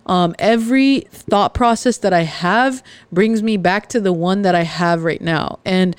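A woman hosting her own podcast, talking earnestly and confessionally, with frequent pauses and fillers. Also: mid-range voice, clean tone, no echo. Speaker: podcast host. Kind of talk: candid personal podcast monologue.

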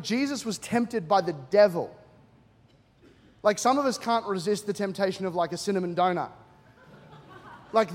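Australian man, guest preacher, high voice, joking storyteller, echoey church hall. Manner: animated, jokey, acts out voices in his stories. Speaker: guest pastor. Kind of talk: humorous sermon storytelling. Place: church auditorium with a live congregation. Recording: long reverb of a large church hall.

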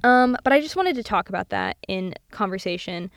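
Young female host, casual solo talk with lots of "like" and "um", smooth voice, dry recording. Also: mid-range voice, a little fast, dry recording. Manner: chatty, animated, swears casually, many fillers. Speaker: podcast host.

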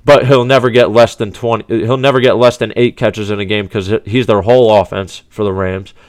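A man's voice: lowish voice, steady tone, fairly quick, darkish tone. A man hosting a sports podcast, ranting in a heated, profane, exasperated way, with many restarts. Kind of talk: casual sports rant.

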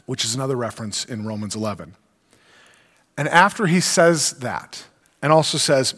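Earnest preacher in an echoing hall. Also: male voice, mid-range voice, normal speed, pauses often, fairly bright tone. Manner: earnest, emphatic teaching voice. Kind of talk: sermon with scripture reading. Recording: long reverb of a large hall.

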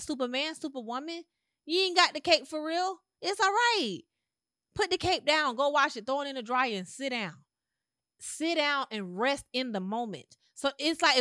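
Woman podcast host, high bright voice, emphatic repetitive pep talk, dry close mic. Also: no room sound. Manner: emphatic, repetitive, conversational preaching. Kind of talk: motivational monologue.

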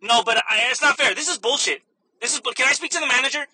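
A man's voice: brisk, sharp tone, heavily acted, low-quality recording. A man putting on the voice of an irate, entitled woman customer complaining at a checkout counter. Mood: indignant. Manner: shrill, indignant complaining.

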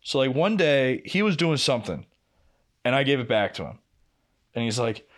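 Young guy on a podcast, swears a lot, acts out both sides of an argument, mid-pitched voice. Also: normal speed, pauses often. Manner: profane, animated, acts out quoted exchanges. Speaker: podcast co-host. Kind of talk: casual storytelling.

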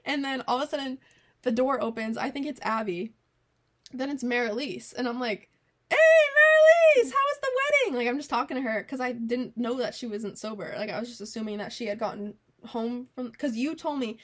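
A young woman co-hosting a podcast, telling a story in casual chat, swearing freely and acting out the people she quotes. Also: fairly high pitch. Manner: animated storytelling, heavy swearing, quoted voices. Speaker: podcast co-host.

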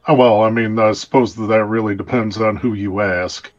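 A man's voice: on the low side, steady tone, moderate pace, muffled recording. A young man role-playing his character in a tabletop game, rambling with many fillers and casual, colloquial phrasing.

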